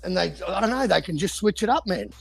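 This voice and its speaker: A man rants about boxing in a gravelly, husky voice, his pitch swinging up and down. He swears constantly and keeps up a heated, casual chat. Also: animated, fast, soft background music. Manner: profane, heated ranting. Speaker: podcast co-host.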